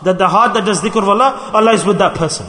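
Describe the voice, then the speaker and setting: High-voiced man preaching in an echoey hall. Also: fast talker, sharp tone. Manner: storytelling, acts out quoted speech. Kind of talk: sermon.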